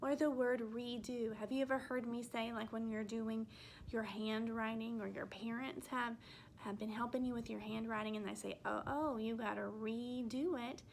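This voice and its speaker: A woman teaching a first grade phonics lesson, speaking gently and spelling out letters slowly for young children. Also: a little high, flat delivery, vocal fry, a little hiss or hum.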